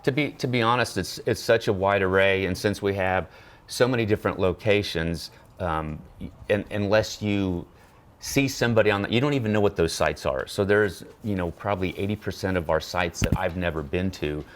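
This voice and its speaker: A man's voice: low voice, normal speed. A man volunteering with therapy dogs, telling hospital stories in an interview, acting out the people he quotes and often stumbling and restarting. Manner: animated storyteller acting out quoted voices; frequent restarts and stammers. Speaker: therapy dog volunteer guest. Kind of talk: anecdotal interview storytelling.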